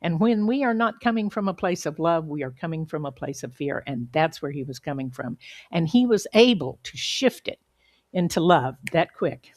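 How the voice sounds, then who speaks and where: Earnest woman preaching in a low voice. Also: lively intonation, no room sound. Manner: earnest, measured, with emphatic pauses. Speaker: guest speaker at a spiritual center. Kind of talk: inspirational sermon with storytelling.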